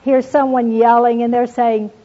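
A woman's voice: fairly high pitch, little pitch movement, moderate pace, dark tone. A woman teaching from the Bible in an earnest, storytelling way, reading passages aloud and speaking to listeners as "you all". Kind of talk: devotional teaching talk. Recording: dull lo-fi recording.

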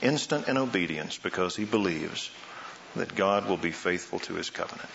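A man preaching a sermon, asking rhetorical questions and swinging between soft and loud delivery. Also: sits low, animated, moderate pace, creaky, slight background noise. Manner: dramatic swings in loudness and pace, rhetorical questions. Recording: roomy, slightly dull sound.

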